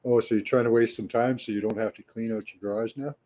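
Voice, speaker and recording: A man with a Canadian accent, hosting a live stream in a relaxed, rambling way and chatting casually with viewers. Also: lowish voice, fast, poor audio. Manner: relaxed and rambling, with frequent fillers. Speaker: livestream host.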